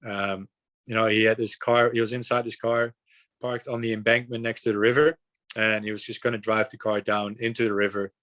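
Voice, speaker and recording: Low, flat-toned man from the Netherlands. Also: a little fast. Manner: earnest, relaxed, frequent fillers and repeats. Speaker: podcast guest. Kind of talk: casual storytelling.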